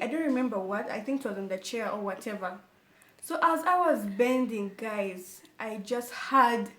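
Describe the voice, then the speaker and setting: A young woman tells a personal story for her vlog, animated and expressive, often turning to her viewers. Her voice sits on the higher side. The recording carries a noticeable room echo. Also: slight background noise. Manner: animated storytelling, repeatedly addressing viewers as guys. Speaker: vlogger. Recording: echoey room.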